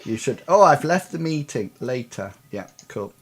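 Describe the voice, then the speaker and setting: A man's voice: medium pitch, big pitch swings, normal speed, a little hiss or hum. GM type: a chatty man with a mid voice, talking over a video call, often stopping to restart. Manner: chatty, hesitant with fillers and restarts. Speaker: game master. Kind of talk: hosting a tabletop game over video call.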